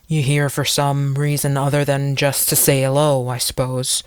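A narrator voicing a weary, stubborn old male farmer and preacher who talks with slow, heavy deliberateness in an audiobook. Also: mid-range voice, completely flat delivery, clear, resonant tone, no room sound, studio quality, lightly acted. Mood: dry.

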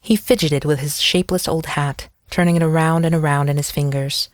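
An audiobook narrator reading a novel in a measured, descriptive storytelling manner. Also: medium pitch, fairly even intonation, no echo, studio quality. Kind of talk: scripted narration.

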